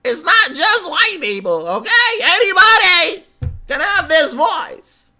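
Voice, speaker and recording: A man putting on the voice of a squeaky, nasal, nerdy man, slow and drawn out. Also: sing-song, bright, forceful tone, soft background music, heavily acted. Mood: mocking.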